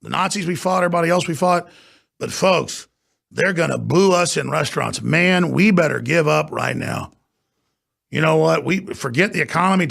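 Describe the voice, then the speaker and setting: Gravelly, ranting male talk host. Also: fairly high pitch, a bit bright. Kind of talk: off-air political rant.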